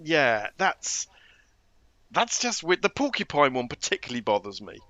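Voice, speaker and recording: Animated man chatting on a podcast. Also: fairly high pitch, normal speed, crowd noise. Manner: animated, stammering restarts, lots of laughter. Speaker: podcast co-host. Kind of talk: casual film-review chat.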